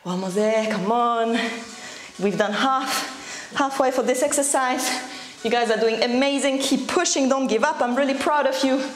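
A woman leading a workout as a fitness instructor, cheering people on with energetic cues while breathing hard. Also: sits high, normal speed. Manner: encouraging, energetic cueing, out of breath at times. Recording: echoey room.

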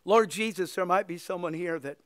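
High-voiced impassioned male pastor preaching. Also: brisk, fairly bright tone, dry recording, studio quality. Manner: impassioned, emphatic repetition, quotes scripture. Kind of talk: sermon with closing prayer.

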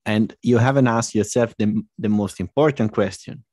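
A man's voice: fairly low pitch, normal speed, a little mellow, no room sound. A man co-hosting a casual podcast chat, answering in short, dry remarks. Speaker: co-host.

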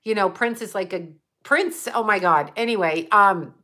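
This livestream host, a woman from the Buffalo, US area, reads viewers' chat comments aloud and responds in a rambling, profane way. Her medium-pitched voice is pushed and bright, delivered at a moderate pace.

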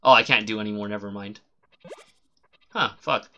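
A man streaming a game live, chatting casually and swearing a lot, rambling and then shouting suddenly at the game. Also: fairly low pitch, moderate pace, muffled recording. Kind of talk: casual live gameplay commentary.

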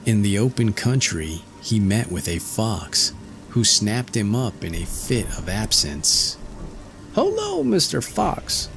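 A man narrating a classic fairy tale in a slow, measured storytelling manner. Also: on the low side, soft background music. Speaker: audiobook narrator.

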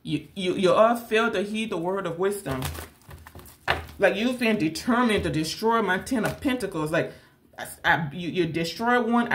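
A woman's voice: on the low side, a little hiss or hum. A woman who hosts a tarot channel, ranting straight to camera in a blunt, confrontational way and repeating her points. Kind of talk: direct-to-camera rant.

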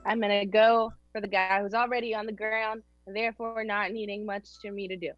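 A woman playing a tabletop role-playing game, speaking in a deliberate way. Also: medium pitch, level tone, no echo, highs cut off. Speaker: player.

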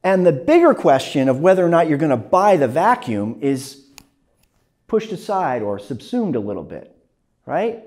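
A man teaching a class, lecturing in an animated way, often tagging his points with "right?". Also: on the high side, normal speed. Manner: animated, frequent "right?" tags, acts out phone calls. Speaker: journalism instructor.

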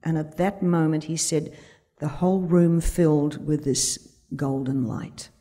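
Her voice sits low and mellow, with fairly even intonation and a measured pace. She stands on a conference stage before an audience, giving a storytelling talk built around a vivid anecdote and its quoted dialogue.

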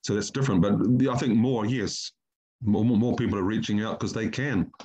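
A male poet from New Zealand, reading his own poetry slowly and deliberately and then chatting about it. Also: fairly low pitch, fairly even intonation, dark tone, slightly rough, poor audio.

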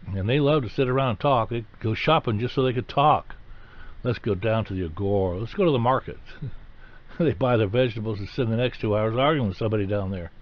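A man preaching a sermon, teaching in a conversational way and rising to stress key points. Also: on the low side. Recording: slightly dull, lo-fi recording.

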